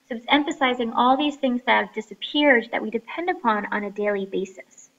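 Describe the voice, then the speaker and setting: A woman's voice: a little high, normal speed, highs cut off. A woman teaching a class lesson on story writing, explaining step by step and reading passages aloud.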